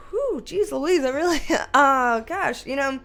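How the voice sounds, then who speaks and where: Tarot reader, woman, slightly high voice, rambly and emotional, faint music under her. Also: lively intonation, slow, gravelly, fairly bright tone. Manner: chatty, rambling, emotional, many fillers. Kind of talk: casual tarot reading video.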